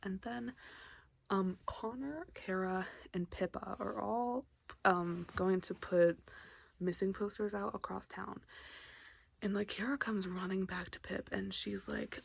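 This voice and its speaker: A woman's voice: mid-range voice, steady tone, a little slow, creaky. A young woman casually summarizing a book at home, rambling with lots of fillers and side comments. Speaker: book vlogger. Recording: noisy room with a fan running.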